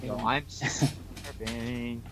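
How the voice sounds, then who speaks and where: A man's voice: medium pitch, little pitch movement, extremely slow, noisy background. A man co-hosting a podcast, casually retelling a story full of quoted dialogue. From New York. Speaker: podcast co-host.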